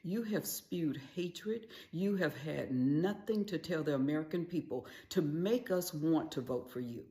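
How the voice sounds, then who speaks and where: A woman's voice: deep voice, lively intonation, measured pace, few pauses, dark tone, roomy sound. A woman giving political commentary, directly accusing her opponents. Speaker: conservative commentator.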